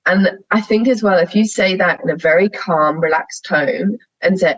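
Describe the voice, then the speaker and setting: A young woman guest, a sheep shearer, chats openly on a podcast at a moderate pace in a lowish voice, telling lively stories and laughing frequently. The candid interview audio is dull, with no room sound.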